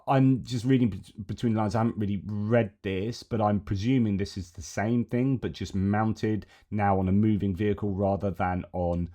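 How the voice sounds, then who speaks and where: A man's voice: lowish voice, mellow. A man hosting news commentary, thinking aloud as he reads out headlines and then adds his own opinions.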